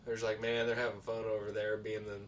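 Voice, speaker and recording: A man's voice: fairly low pitch, monotone, a little fast, recorded from a distance, a little hiss or hum. A man from the United States co-hosting a podcast, bantering in a crude, joking way with plenty of swearing. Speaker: podcast co-host. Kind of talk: casual chat.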